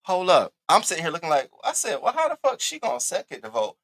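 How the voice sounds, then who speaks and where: A man hosting a casual live commentary stream, talking in an animated, sassy and profane way, repeating catchphrases and swinging his voice up high for emphasis. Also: fast. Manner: animated, sassy and profane, with big swoops in pitch. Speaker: livestream host.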